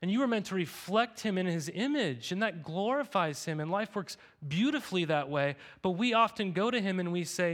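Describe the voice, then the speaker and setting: A young man preaching a sermon in a loose, chatty way, as though talking with friends. His voice sits a little high for a man. He keeps tagging his sentences with "right?" and "okay?". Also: expressive, fairly quick, hardly any pauses, a bit bright. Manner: casual, conversational preaching with frequent "right?" and "okay?". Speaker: pastor.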